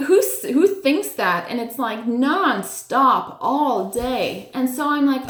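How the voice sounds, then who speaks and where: A woman with a somewhat high voice tells a personal story in a loose, chatty way, leaning on fillers like "like" and "you know." She acts out her own reactions as she goes. The sound carries a noticeable echo from the room. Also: takes it slowly. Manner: animated retelling with acted-out reactions. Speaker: storyteller sharing personal spiritual experiences. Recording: echoey room.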